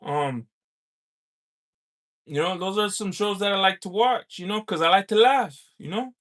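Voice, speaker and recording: A man hosting a livestream, chatting casually and reading out viewer comments, halting with many pauses and filler sounds. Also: high-pitched, fairly bright tone. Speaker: livestream host.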